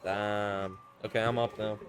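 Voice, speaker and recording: A man doing casual live commentary on a fighting game, loud and teasing, swearing freely. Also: on the low side, level tone, unhurried. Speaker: esports commentator.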